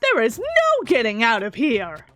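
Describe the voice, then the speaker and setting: A woman's voice: a little high, wildly swooping pitch, a little slow, a bit bright, soft background music, voice pushed down, full character voice. A woman voicing a gleeful, crude male robot bear mastermind who cackles and taunts in a video game. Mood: mocking.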